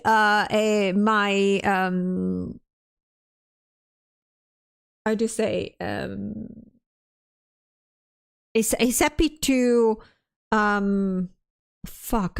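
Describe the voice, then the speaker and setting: A woman's voice: medium pitch, extremely slow, creaky, long pauses, clear, resonant tone. A stressed woman streamer in casual livestream chat, ranting, swearing often and restarting her sentences as she reads chat aloud.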